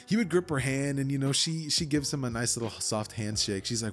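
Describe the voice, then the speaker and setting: Chatty male fan narrator, casual storytelling, mid-pitched, faint music behind. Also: lively intonation, a little fast. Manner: casual, chatty, with asides to viewers.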